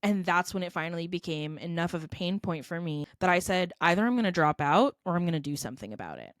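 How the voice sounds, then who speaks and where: Earnest low-voiced woman telling her story. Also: animated, quick pace, dry recording, clean studio sound. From California, United States. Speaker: guest, edtech company founder. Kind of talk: personal storytelling in a podcast interview.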